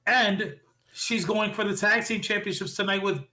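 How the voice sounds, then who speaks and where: A man co-hosting a podcast, casually recapping wrestling shows with animated opinions. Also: high-pitched, poor audio. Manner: animated, quick recapping with impressions of quotes. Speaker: podcast co-host.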